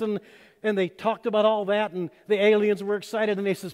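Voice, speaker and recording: A man preaching a sermon as pastor, telling stories and acting out voices, swinging between loud bursts and hushed lines. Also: sits high, level tone, brisk. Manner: storytelling, acts out quoted voices with sudden loud and soft turns. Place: church sanctuary. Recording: long hall reverb.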